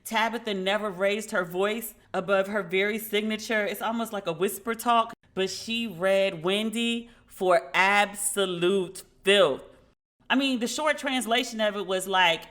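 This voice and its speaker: Bright, animated woman podcast host. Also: medium pitch, moderate pace. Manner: animated storytelling, acting out quoted dialogue. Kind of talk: casual commentary.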